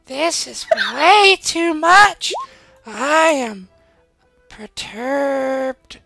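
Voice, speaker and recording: A woman's voice: high-pitched, lively intonation, drawn-out words, gravelly, sharp tone, no echo, faint music behind, full character voice. A woman voicing a pompous, fussy male pirate seer who talks in a theatrical way. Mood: shocked.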